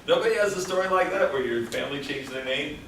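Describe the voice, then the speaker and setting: A man's voice: fairly high pitch, a bit bright, distant mic, a little hiss or hum. A man lecturing a class in a casual, joking way, throwing questions out to the students. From El Paso, Texas. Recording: echoey classroom taped from afar.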